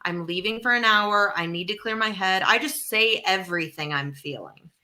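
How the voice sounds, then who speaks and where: A woman co-hosting a comedy podcast, chatting casually in an animated, teasing way. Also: mid-range voice, moderate pace. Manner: animated, teasing, talks through her feelings. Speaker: podcast co-host.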